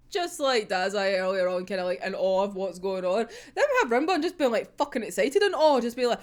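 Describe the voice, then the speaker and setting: A woman's voice: high voice, big pitch swings, normal speed. Gushing, sweary young woman fan. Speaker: manga reviewer. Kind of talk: casual fan commentary.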